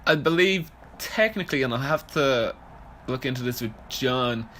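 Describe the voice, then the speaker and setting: Bright-voiced young man joking on a podcast. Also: medium pitch, moderate pace, a little hiss or hum. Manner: swearing, joking, animated. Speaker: podcast co-host. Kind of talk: casual podcast banter.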